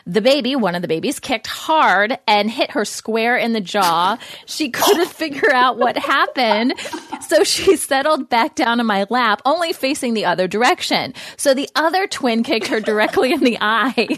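A woman's voice: a little high, lively intonation, moderate pace, a bit bright. A woman co-hosting a pregnancy podcast in casual chat, bubbly and laughing often. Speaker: podcast co-host.

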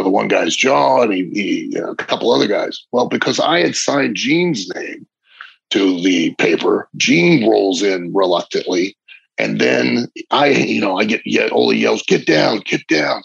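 A man's voice: lowish voice, creaky, breathy edge, no room sound. A middle-aged man, a former wrestler, telling rambling, vivid stories in a casual interview, often restarting his sentences. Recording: dull lo-fi recording.

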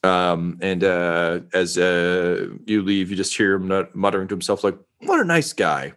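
A man running a tabletop game as game master, narrating haltingly with many fillers. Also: sits low, monotone, a bit bright, clear, resonant tone. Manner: halting, full of ums.

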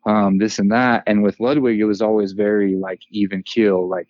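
A man in his thirties, a former player and coach, chatting on a podcast in an even-keeled, relaxed way with lots of fillers. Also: fairly low pitch, brisk, few pauses, dry recording, highs cut off. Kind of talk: casual podcast chat.

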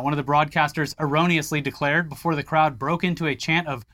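A man's voice: on the high side, fairly even intonation, fast talker, hardly any pauses, bright, forceful tone. A man co-hosting a tech news show, reading articles aloud and adding wry jokes. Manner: wry, joking, reads quotes aloud. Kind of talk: casual tech news banter.

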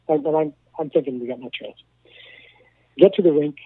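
A man's voice: a little high, a little fast, pauses often, no echo. A man, a former hockey coach turned broadcaster, telling stories in a radio interview with lots of repeated words and acted-out dialogue. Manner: animated storyteller, repeats words, acts out quoted dialogue. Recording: tinny phone line, dry.

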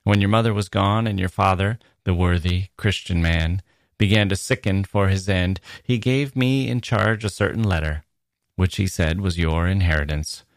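A man voicing an earnest, kindly elderly minister, giving slow, deliberate advice. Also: deep voice, no room sound. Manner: solemn, deliberate advising.

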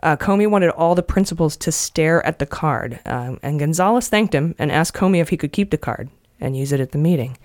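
A woman's voice: low-pitched, animated, a little fast, few pauses, a little mellow, dry recording, clean studio sound. A woman hosting a casual podcast, earnestly recounting a story and reading passages aloud. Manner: earnest storyteller, emotional at times. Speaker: podcast host recounting a book.

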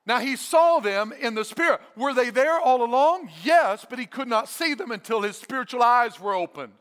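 A man preaching a sermon as a pastor, emphatic and energetic, repeating his phrases for effect. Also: very high-pitched, moderate pace, clean tone, long reverb tail. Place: church sanctuary.

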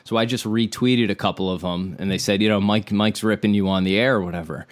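A man, hosting a podcast and retelling a story in a rambling, animated way with quoted dialogue. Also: on the low side, fast talker. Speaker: podcast host. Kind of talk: casual podcast chat, storytelling.

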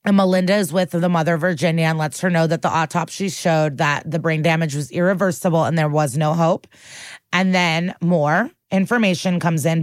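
A woman's voice: deep voice, no echo, studio quality. A woman co-hosting a podcast, recapping a TV episode in a chatty, profane way and acting out the characters' lines. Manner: chatty, profane, acts out quotes. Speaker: podcast co-host.

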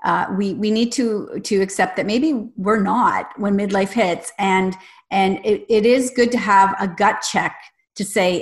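A woman's voice: mid-range voice, a little slow. A woman hosting an interview podcast, asking questions and responding in a reflective, affirming way. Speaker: podcast host.

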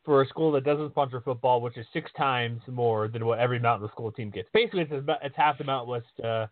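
A man's voice: mid-range voice, quick pace, no echo. A man hosting a sports podcast in casual chat, rambling with frequent restarts. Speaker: podcast host. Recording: dry, tinny phone-like line.

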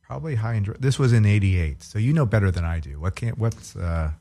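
A man's voice: on the low side, lively intonation, brisk, dark tone. A man in his forties co-hosting a casual podcast, dry and teasing, quizzing his co-host and tripping over words. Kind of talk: casual chat.

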